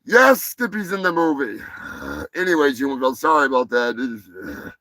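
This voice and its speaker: A man hosting a live show, rambling and joking crudely in casual chat, sounding high. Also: sing-song, moderate pace, noisy background. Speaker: host.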